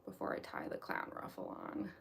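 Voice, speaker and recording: A woman's voice: fairly quick, noisy background. A young woman chatting casually while she gets into costume, rambling with lots of fillers and restarts, and later talking with a slight lisp from costume teeth. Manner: rambling, many fillers and restarts, chuckles often. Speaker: cosplayer livestream host.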